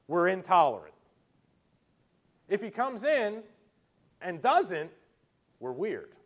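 Animated, lively male preacher. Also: high voice, slow pace, long pauses. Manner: animated storyteller, acts out quotes. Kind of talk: sermon.

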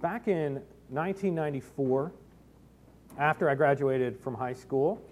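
A man's voice: fairly high pitch, a little slow. A middle-aged man preaching a sermon, telling personal stories with self-deprecating humor. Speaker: pastor.

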